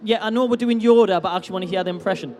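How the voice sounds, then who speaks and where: A man's voice: high voice, racing, darkish tone. A man hosting a live convention stage game, teasing contestants with upbeat, jokey banter.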